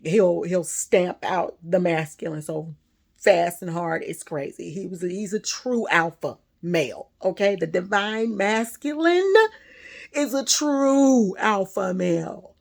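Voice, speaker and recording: A woman telling a personal story in a casual monologue, loud and animated, laughing often. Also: fairly low pitch, takes it slowly, creaky. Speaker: spiritual vlogger.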